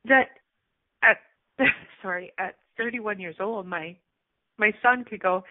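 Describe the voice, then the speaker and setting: A woman's voice: mid-range voice, slow pace, pauses often, no echo. A middle-aged woman hosting a radio talk show, telling a personal story in a candid, chatty way, teary at times. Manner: candid, chatty, emotional, frequent fillers. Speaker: radio show host and coach. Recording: tinny phone line.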